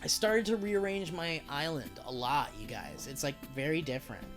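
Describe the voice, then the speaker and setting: A man's voice: on the high side, lively intonation, moderate pace, a bit bright, soft background music. A man chatting casually while live-streaming a video game, rambling, joking and swearing freely as he talks to his chat. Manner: rambling, profane, jokey.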